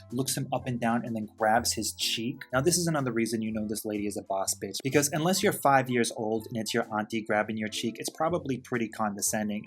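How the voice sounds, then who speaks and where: Campy male vlog host, chatty storyteller, faint music bed. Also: mid-range voice.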